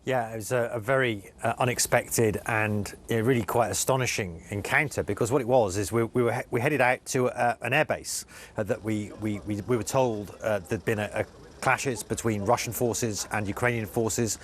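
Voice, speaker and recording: Brief: low-voiced male correspondent, earnest, halting live report. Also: steady tone. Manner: earnest, halting, many restarts. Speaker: senior international correspondent. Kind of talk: live news interview report.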